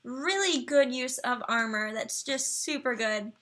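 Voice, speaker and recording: Bright, high-voiced woman streamer. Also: measured pace. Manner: chatty, reads viewer chat and profiles aloud, talks to her computer. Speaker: livestream host reviewing game profiles. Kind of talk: casual live-stream chat.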